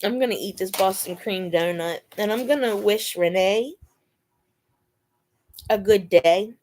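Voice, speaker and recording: Slow-talking woman chatting on a live stream. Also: medium pitch, darkish tone. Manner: chatty, laughing, coos to her dog in baby talk. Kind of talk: casual live chat.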